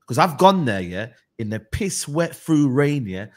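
A man's voice: medium pitch, big pitch swings, measured pace. A man ranting about his football team in heated, slangy banter. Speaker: football fan.

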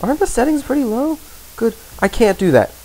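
High-voiced guy raging at a racing game, voice jumping all over, cussing and yelling, faint game music behind. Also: big pitch swings, a little fast. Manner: exasperated ranting, swearing and yelling at the game. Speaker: let's play host. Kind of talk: gaming commentary.

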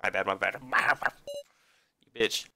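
A man's voice: deep voice, slow pace, noisy background. A man streaming a visual novel, reading it aloud and throwing in crude, joking asides.

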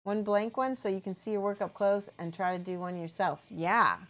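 A woman's voice: medium pitch, steady tone, moderate pace. A woman chatting casually on a live stream as she paints miniatures, thinking aloud and reading out the chat.

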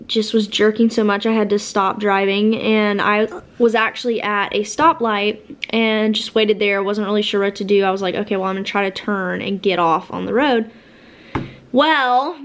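A young woman vlogging casually, rambling with many fillers and restarts, while she has the hiccups. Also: a little high. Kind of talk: casual vlog chat.

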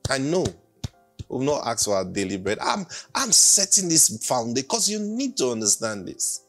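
A man's voice: medium pitch, sing-song, moderate pace, fairly bright tone. A man preaching an emphatic sermon and leading the congregation in call-and-response. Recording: faint music behind.

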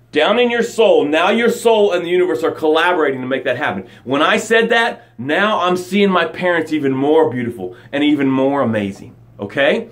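A man's voice: a little high, a bit bright. A man coaching his audience live, preaching with energy and repeating his key phrases, sometimes acting out angry stories with a rising voice. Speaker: motivational coach. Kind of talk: live motivational broadcast.

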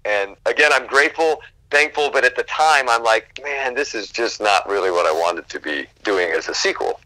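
A man, a guest actor, telling animated stories from film sets in a casual interview and acting out quotes, swearing freely. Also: mid-range voice, normal speed, no echo, poor audio.

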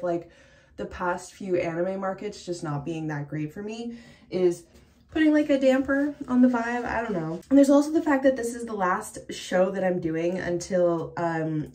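A woman's voice: mid-range voice, darkish tone. A woman in her thirties, a self-employed illustrator, talking candidly to the camera in a casual vlog, with lots of "like" fillers and small laughs.

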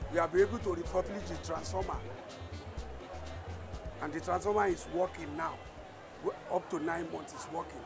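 A man speaking in a high, gravelly voice as he briefs visitors on community projects. He talks haltingly and restarts often. Prominent music plays under his voice. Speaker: community development official.

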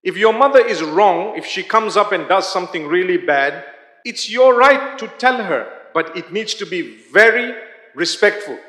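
A man's voice: high-pitched, expressive, normal speed, fairly bright tone. A man giving a live religious lecture in a large hall, speaking conversationally and often asking the audience questions. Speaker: Islamic lecturer. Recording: echoey hall reverb.

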